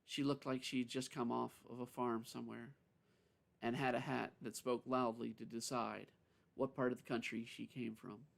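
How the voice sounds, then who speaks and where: A man reading a story aloud on a live stream, unhurried, with frequent self-corrections. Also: mid-range voice, level tone, creaky.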